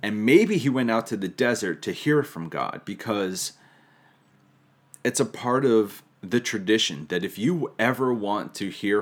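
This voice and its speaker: A man's voice: low voice, fairly bright tone. A man preaching a sermon, teaching reflectively with touches of humor. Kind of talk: sermon on scripture.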